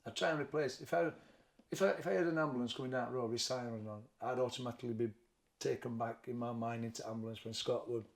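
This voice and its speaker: A middle-aged man with a Sheffield accent, talking candidly and haltingly in an interview, often repeating words as he recalls events. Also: mid-range voice, fairly even intonation, gravelly. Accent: Sheffield, Yorkshire. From England. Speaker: boxing trainer, interview guest.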